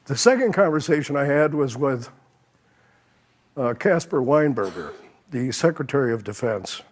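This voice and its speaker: A man's voice: medium pitch, very animated, normal speed. Older man telling stories on a panel. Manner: anecdotal, quotes others, chuckles at his own stories. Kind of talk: panel talk, telling anecdotes.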